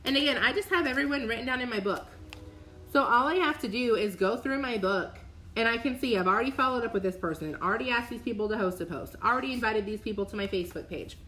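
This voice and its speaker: A woman's voice: fairly high pitch, fast, pushed and bright, a little hiss or hum. A woman, chatting casually as she teaches her sales follow-up method, upbeat and full of fillers. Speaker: network marketing coach. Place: recorded at home for a replay.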